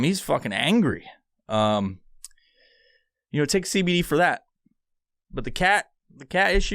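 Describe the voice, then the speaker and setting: A male podcast host talks alone into a studio mic, rambling, sarcastic and heavy on swearing. His voice sits at a middling pitch and sounds dry and close. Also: fairly bright tone, no room sound. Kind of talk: solo podcast talk with ad read.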